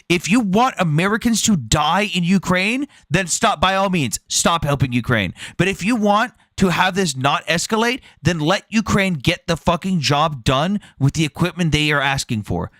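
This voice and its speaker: A man with a high-pitched voice drives a heated live debate in a forceful, rapid-fire rush. He swears freely and talks over people. The sound is dry and close. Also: no room sound. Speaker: debate host.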